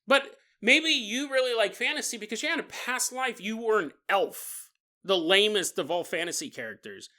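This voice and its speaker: A man's voice: sits high, lively intonation, normal speed, bright, forceful tone. A man hosting a podcast alone, talking casually and playfully, often laughing at his own jokes. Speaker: podcast host. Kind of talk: casual monologue.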